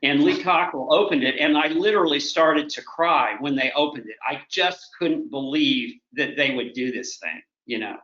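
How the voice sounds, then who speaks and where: A man in his sixties from Oklahoma, a guest telling long stories in a halting way, full of restarts. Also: on the high side, bright, forceful tone. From Oklahoma, USA. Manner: halting, with frequent restarts and fillers. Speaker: guest, retired corporate director. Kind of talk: rambling conversational storytelling. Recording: roomy, slightly dull remote recording.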